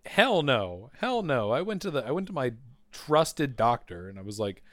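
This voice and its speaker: A man telling a crude, animated story in casual chat, swearing a lot. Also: mid-range voice, normal speed, no room sound.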